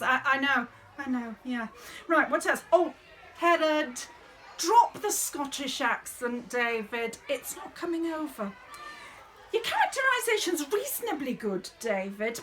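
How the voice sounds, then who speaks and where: In a theatrical, exasperated comic monologue, a woman plays a fussy, bossy drama director running a school nativity rehearsal. She uses a full character voice that is high-pitched, bright, and forceful.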